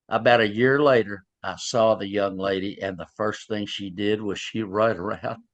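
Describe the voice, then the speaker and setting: An older police sergeant, telling folksy stories in an interview and acting out both sides of past conversations. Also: male voice, lowish voice, steady tone, moderate pace. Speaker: police sergeant and child abuse investigator. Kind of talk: storytelling in an interview.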